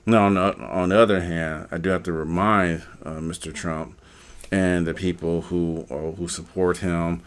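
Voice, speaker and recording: A man's voice: sits low, steady tone, normal speed. A man hosting a live stream, talking casually and rambling, with many fillers and repeated words. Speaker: live stream host, postal worker.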